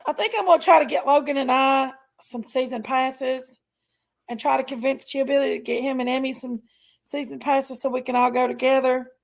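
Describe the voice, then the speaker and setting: A woman hosting a casual live chat, loud and laughing often, her voice hoarse from allergies. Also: high voice, fairly even intonation, moderate pace. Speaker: livestream host.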